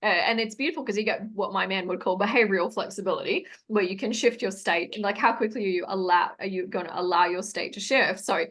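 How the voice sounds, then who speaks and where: A woman guest in casual conversation, telling animated stories, acting out quoted voices and laughing often. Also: mid-range voice, fast, hardly any pauses. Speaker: podcast guest. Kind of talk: casual chat.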